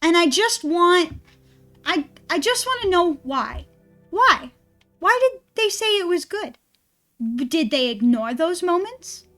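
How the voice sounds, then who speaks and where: A woman's voice: extremely high pitch, sing-song, measured pace, sharp tone, soft background music. A woman streamer in casual stream chat, ranting and rambling with a lot of swearing.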